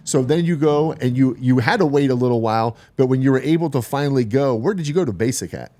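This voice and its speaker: A man's voice: mid-range voice, fast talker, few pauses, mellow. A man speaking as a podcast guest in a reflective, earnest way, asking questions in long strung-out sentences. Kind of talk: conversational interview.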